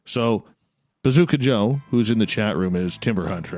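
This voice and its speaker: A man hosting a late-night radio talk show, telling a story in a lively, repetitive way. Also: fairly low pitch, normal speed, faint music behind. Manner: animated storyteller, repeats words. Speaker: radio host.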